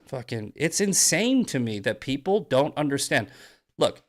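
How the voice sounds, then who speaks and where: A man hosting a political monologue on a live stream, mocking his critics, swearing and shouting at points. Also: mid-range voice, sing-song, a little slow. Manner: angry, profane, shouting bursts. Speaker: host.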